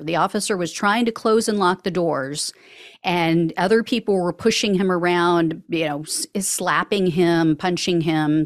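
A woman's voice: lowish voice, dry recording, clean studio sound. A woman hosting a news podcast, recapping court cases in a conversational way with sarcastic asides. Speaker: podcast host. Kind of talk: news commentary reading quotes.

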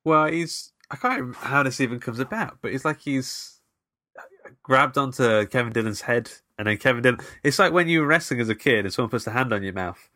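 A man co-hosting a podcast, chatting about a film in a relaxed, rambling way. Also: mid-range voice, fairly quick, no echo, clean studio sound. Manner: relaxed, rambling, loses his thread. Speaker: podcast co-host. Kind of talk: casual film recap chat.

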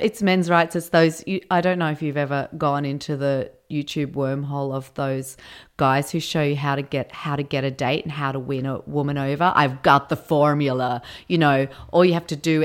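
A woman with a notably low voice speaks in a relaxed interview. She muses aloud, restarts her sentences and trails through fillers as she explains her performance work. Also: clear, resonant tone. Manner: thoughtful, rambling, with frequent restarts and fillers. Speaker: performer and show creator being interviewed. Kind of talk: casual interview talk.

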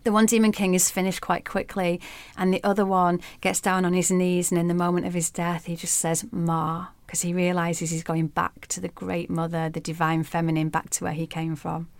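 Podcast guest, female, expressive storyteller, lowish pitch, dry recording. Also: fairly quick, no echo. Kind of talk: storytelling in an interview.

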